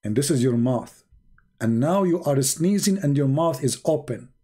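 Male debater, husky tone, mocking sarcastic monologue, theatrical swings. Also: medium pitch, lively intonation, normal speed, warm tone. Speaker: online religious debater.

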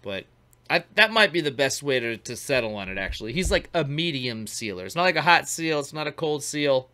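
A man's voice: medium pitch, expressive, fairly quick, sharp tone. A man hosting a casual glassblowing talk show, chatting loosely with slang while commenting on a demo. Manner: laid-back, slangy, talks over a glassblowing demo. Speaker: host.

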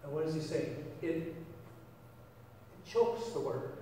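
Here a man with a slightly high, dark-toned voice preaches to his congregation in an animated but measured way, rambling conversationally with fillers and false starts. The sanctuary sounds echoey, the mic is far off, and there's slight background noise.

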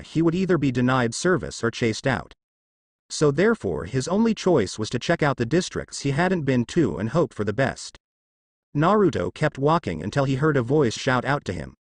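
A man's voice: medium pitch, very animated, moderate pace, no echo, studio quality. A man reading fanfiction aloud, telling the story steadily. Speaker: fanfiction narrator.

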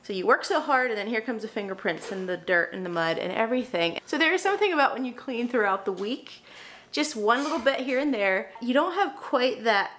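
A woman's voice: a little high, expressive, a little fast, a bit bright, a little hiss or hum. A young woman, a mom and vlogger, chatting casually about housekeeping and using lots of filler words. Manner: chatty, frequent "like" fillers, self-deprecating asides. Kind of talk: casual talk to camera while cleaning.

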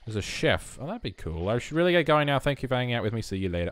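A man's voice: mid-range voice, animated, quick pace, few pauses. A young man chatting casually over a life-sim game, talking to his characters and poking fun at himself. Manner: chatty, self-mocking, talks to his characters. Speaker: gameplay commentator. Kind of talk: casual let's-play commentary.

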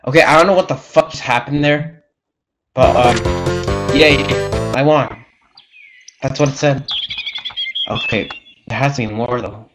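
A man's voice: mid-range voice, a little slow, long pauses. A young man swearing and reacting nervously while commentating a horror game. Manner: jumpy, swears constantly, nervous laughter. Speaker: gameplay streamer. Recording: game music behind.

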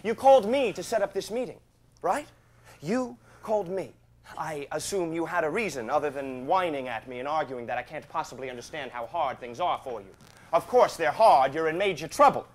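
A smarmy, condescending male lawyer with a slightly raised pitch. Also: expressive. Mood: persuasive. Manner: glib, condescending, fast-talking. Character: slick smarmy male Los Angeles lawyer. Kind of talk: stage drama acting.

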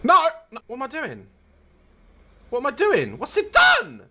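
Manic male gaming YouTuber, constant swearing, slow-drawn wild swings in pitch. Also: wildly swooping pitch, gravelly, sharp tone. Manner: frantic, swears constantly, yelps and cackles at mishaps. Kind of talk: comedic gameplay commentary.

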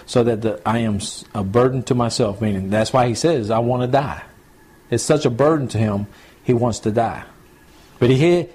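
A man preaching a sermon as a pastor, reading scripture slowly and then paraphrasing it with rising emphasis and repetition. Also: medium pitch, dark tone, slightly rough. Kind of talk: sermon, Bible teaching.

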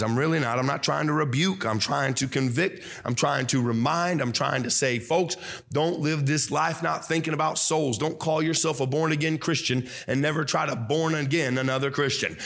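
A young man, a pastor, preaching a fervent sermon with loud mock voices and low asides. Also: gravelly. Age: young adult.

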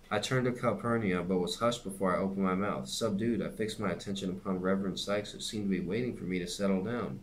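A man reading a novel aloud at a steady pace, with occasional slips and restarts. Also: on the low side, brisk, hardly any pauses, slight background noise. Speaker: reader and teacher.

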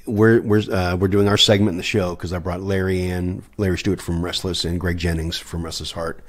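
Deep-voiced man telling a lively story. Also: brisk. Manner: animated storyteller acting out quoted dialogue, laughing often. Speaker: guest session musician. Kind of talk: anecdotal storytelling in a podcast interview.

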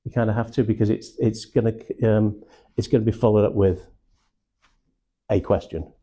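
A man leading a live sales training session in a room, teaching with slow, emphatic stresses on key words. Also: fairly low pitch, steady tone, warm tone.

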